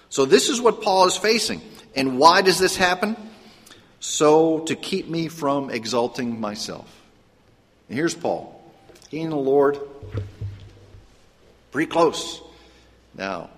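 Husky-voiced male preacher in a reverberant hall. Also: medium pitch. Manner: quizzes the congregation with questions. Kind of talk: sermon. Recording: echoey hall with long reverb.

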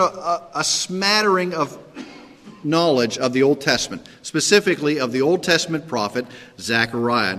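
A man's voice: on the high side, a bit bright, in a large hall. A man preaching a sermon as pastor, reading scripture aloud, then explaining it in a conversational way with frequent "okay?" check-ins. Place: church sanctuary.

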